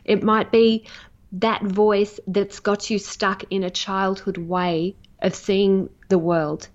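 A woman's voice: medium pitch, flat delivery, takes it slowly. A woman trading coach answering interview questions in an earnest, emphatic, enthusiastic way. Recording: dull lo-fi audio.

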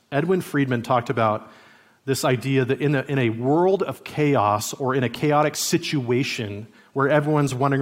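A man in his thirties, a pastor preaching a sermon in a relaxed, conversational way, with stories from everyday family life. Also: mid-range voice. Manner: conversational preaching with parenting anecdotes.

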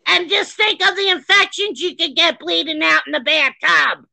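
A woman co-hosting a podcast, ranting furiously with heavy swearing and shouts. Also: very high-pitched, normal speed, creaky, no room sound, low-quality recording. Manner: reads a news article aloud. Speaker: podcast co-host. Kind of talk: angry podcast discussion.

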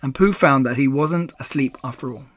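A man narrating a children's storybook with calm, even storytelling. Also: medium pitch, moderate pace.

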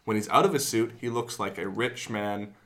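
A man with a fairly low voice, chatting on a podcast with friends. He is easygoing and agreeable and fills his sentences with "like.". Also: normal speed, fairly bright tone. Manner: agreeable, says yeah a lot, filler "like". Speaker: podcast co-host. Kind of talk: casual chat.

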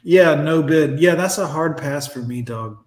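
A man's voice: on the high side, unhurried, slight background noise. A man hosting a reaction video, ranting bluntly and with heavy profanity. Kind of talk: mocking reaction commentary. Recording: roomy echo.

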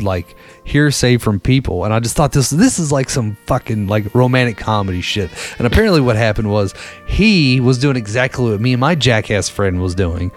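A man telling a rambling story in a casual, profane, laid-back way as a podcast host. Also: on the low side.

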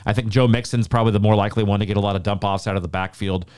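A man's voice: lowish voice, steady tone, very fast, darkish tone, smooth. A man co-hosting a sports podcast, talking casually and confidently about football predictions. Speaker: podcast co-host.

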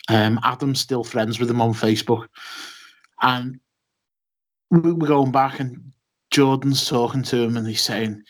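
A man's voice: mid-range voice, a little slow, long pauses. A man co-hosting a casual podcast chat, telling a long story with many ums and restarts. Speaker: podcast co-host.

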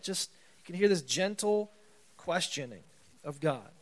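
A man preaching a sermon in a relaxed, chatty way, his voice sitting a bit higher than most men's. He reads scripture aloud and leans into it with rising emphasis. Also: measured pace, pauses often. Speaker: pastor.

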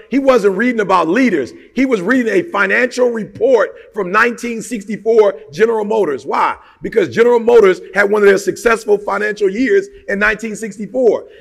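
A man's voice: sits high, vocal fry. A man giving a motivational talk to an audience, speaking emphatically in slangy, conversational language and firing off rhetorical questions. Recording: long hall reverb.

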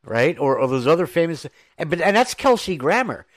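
An American podcast host with a mid-range voice, telling stories with enthusiasm and plenty of quick asides. His voice sounds dry and close, with no room around it. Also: on the high side, sing-song, no room sound. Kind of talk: casual podcast chat.

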